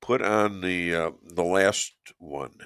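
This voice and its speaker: Older man, hoarse and gravelly, rambling. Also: deep voice, a bit bright, no room sound, studio quality. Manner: rambling, joking, many filler pauses. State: hoarse, losing his voice. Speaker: show host. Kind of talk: casual talk show chat.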